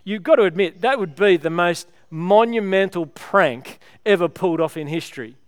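A man's voice: sits high, clean tone, no echo, clean studio sound. A man preaching a sermon, retelling a story with rhetorical questions in a conversational way.

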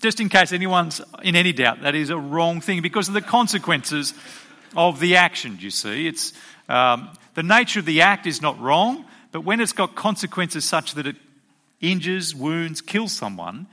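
A man delivers a sermon from the pulpit, his voice bright and forceful. His pitch sits a little high and swings widely as he presses his congregation with rhetorical questions. He is emphatic and teacherly throughout. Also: expressive, moderate pace. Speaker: pastor.

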